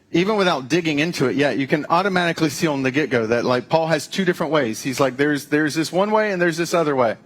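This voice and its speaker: A man preaching a sermon as pastor, in a conversational, animated way with playful asides. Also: fairly high pitch, brisk.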